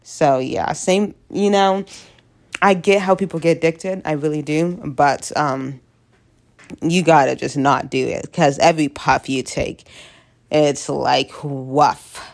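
Young woman, head cold, sniffly, gravelly fry, rambling jokey chat. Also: sits low, steady tone, slow. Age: young adult. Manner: rambling, self-deprecating, jokey. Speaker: vlogger. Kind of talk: casual confessional chat.

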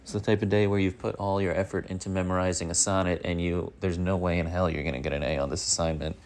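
Very deep, gravelly New man. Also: fast talker. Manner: deadpan, meandering, many fillers. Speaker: daily news podcast host. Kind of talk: rambling comedic monologue.

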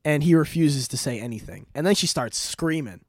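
Laughing, rambling man with a higher voice. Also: animated, brisk, no echo, clean studio sound. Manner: rambling plot recap, laughing often, frequent swearing. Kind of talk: casual chat.

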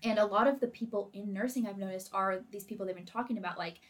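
A woman's voice: mid-range voice, quick pace. A young woman from Oregon, a nursing student and podcast guest, talking casually with lots of "like" and easy laughter. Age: young adult. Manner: rambling, full of "like", laughs easily.

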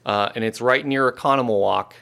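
A man's voice: medium pitch, a little fast, vocal fry, background noise. A man from Illinois co-hosting a casual coffee podcast, telling stories with frequent laughter. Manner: laughing, animated storyteller. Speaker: podcast co-host, coffee roaster. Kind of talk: casual chat.

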